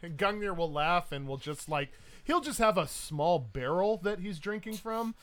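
A man narrating a tabletop game as game master, in a casual, lively way full of fillers. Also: high-pitched, moderate pace.

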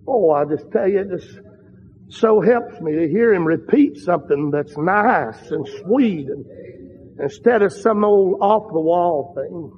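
A man's voice: high-pitched, lively intonation, unhurried, husky. A man preaching a sermon, telling a story and building to fervent, emphatic peaks with repeated phrases. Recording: long hall reverb, dull lo-fi sound.

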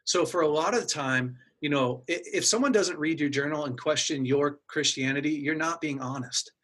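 A man's voice: fairly high pitch, moderate pace, a bit bright, breathy edge. A middle-aged man earnestly telling a personal story in casual conversation, acting out his own inner dialogue. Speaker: guest sharing a personal story.

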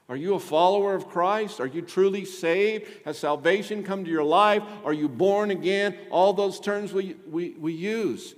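A man's voice: high voice, big-room sound. A male pastor preaching a sermon, asking rhetorical questions and pressing his points with stretched, emphatic phrases.

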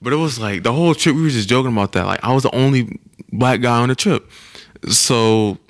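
A man's voice: mid-range voice, a little fast, no room sound, studio quality. A young man co-hosting a casual podcast, telling a travel story in a laid-back, rambling way with frequent laughs. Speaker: podcast co-host.

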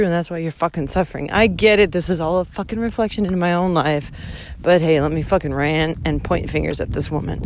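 Profane ranting woman, low voice. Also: a little hiss or hum. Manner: swears constantly, laughs, swings between shouting and muttering. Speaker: hiking vlogger. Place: outdoors on a coastal hiking trail.

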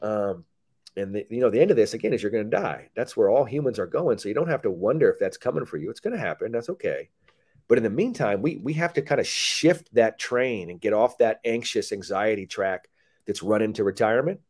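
A mental performance coach in a casual podcast chat, blunt and animated, swearing freely and acting out quotes. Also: male voice, on the low side, a little fast, slightly rough.

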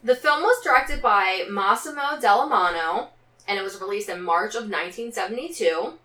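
A woman's voice: medium pitch, normal speed, pushed and bright. A woman co-hosting a casual film podcast, reading from notes between banter and laughing often. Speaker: podcast co-host. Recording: roomy, slightly distant mic.

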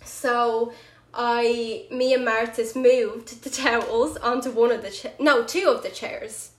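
A woman telling a story in a casual chat, animated, full of "like" and "right?", laughing often. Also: a little high, slow. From Ireland. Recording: roomy echo.

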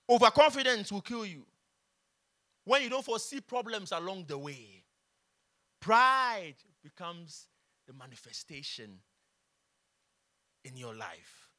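A man's voice: high-pitched, bright, forceful tone. A man preaching a sermon, repeating his key phrases with emphasis.

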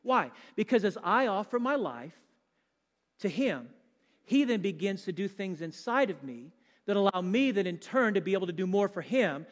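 A man's voice: high voice, expressive, moderate pace, big-room sound. A man preaching a sermon as a guest speaker in a church, chatting with the congregation and joking along the way. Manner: conversational and joking, quizzes the congregation.

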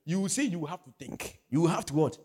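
A man's voice: on the high side, lively intonation, a little fast, a little mellow, slightly rough. A man preaching a sermon, emphatic, with call-and-response questions. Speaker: pastor.

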